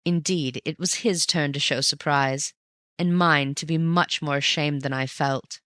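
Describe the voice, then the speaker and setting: Measured audiobook narrator, dry sound. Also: mid-range voice, fairly even intonation, bright, forceful tone, no room sound. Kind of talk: scripted narration of a classic novel.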